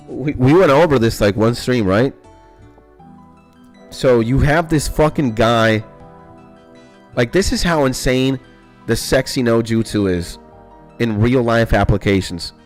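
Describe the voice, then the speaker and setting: A young man streaming a game, rambling excitably in casual chat and swearing a lot. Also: mid-range voice. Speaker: gaming streamer. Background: faint background music.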